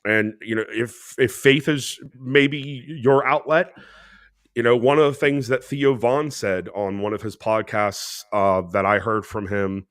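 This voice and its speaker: A man's voice: mid-range voice, fairly even intonation, measured pace, no room sound. Man, podcast co-host, earnest and heartfelt, dry close sound. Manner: earnest and heartfelt, with frequent fillers. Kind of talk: casual podcast talk.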